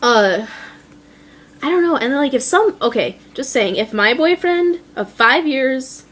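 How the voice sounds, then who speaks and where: A young woman vlogs in a loose, rambling way, her voice sitting a little high. She gushes about what she loves and slips into small acted voices when she retells scenes, filling the gaps with "like" and "um". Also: expressive, measured pace, fairly bright tone. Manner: gushing and chatty, acts out movie lines in little voices; many fillers like "like" and "um". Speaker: vlogger. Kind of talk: casual chat to camera.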